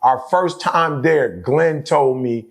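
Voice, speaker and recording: A man's voice: a little high, slow pace, gravelly. A middle-aged man speaking emphatically as a guest in a casual conversation. He repeats his points and keeps checking in with his listener. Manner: emphatic, repeats phrases, keeps asking "you know what I'm saying".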